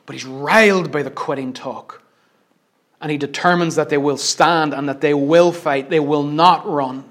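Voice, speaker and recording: A middle-aged man preaching a sermon, impassioned, swinging between loud declarations and hushed lines. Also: a little high, steady tone, moderate pace.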